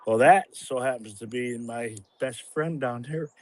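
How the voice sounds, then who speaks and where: A man in his sixties telling his personal story on a livestream, halting and rambling with many restarts. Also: mid-range voice. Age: 60s. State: a little emotional at times. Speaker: guest sharing a testimony. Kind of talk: casual spoken testimony on a livestream.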